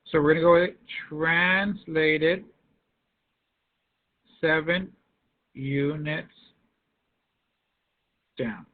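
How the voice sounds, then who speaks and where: A man's voice: a little high, very slow, long pauses. A male math teacher giving an online class over a video call, coaxing students by name to answer in the chat. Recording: tinny phone-like line.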